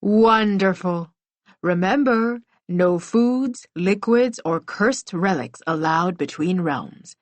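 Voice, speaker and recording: A woman's voice: fairly low pitch, expressive, no echo. Woman doing a cheerful magic elephant. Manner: cheerful, slow and precise.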